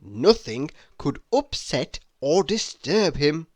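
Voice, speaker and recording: A man reading a children's picture book aloud in a slow, expressive storytelling voice. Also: on the high side, no room sound, clean studio sound. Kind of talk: children's read-aloud narration.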